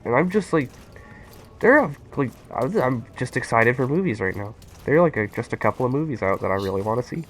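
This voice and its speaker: A young man chatting casually and excitedly with his viewers while playing a game on a live stream. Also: mid-range voice, brisk. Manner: excitable, rambling, talks to chat.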